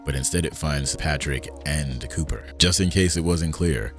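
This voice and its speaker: Male recap host, very low voice, laid-back commentary read over soft background music. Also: normal speed. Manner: casual, conversational, with asides. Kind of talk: scripted episode commentary.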